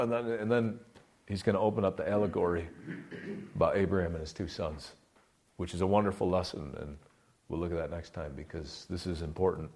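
A man's voice: on the low side, lively intonation, moderate pace, darkish tone. A man preaching a sermon in a conversational, impassioned way, rising into bursts of fervor.

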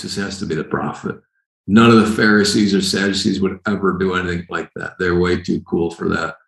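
A man with a lowish voice preaches a sermon, animated and fond of acting out the scenes he describes. The sound carries a noticeable room echo around him. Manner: animated, acts out scenes with sudden shouted lines.

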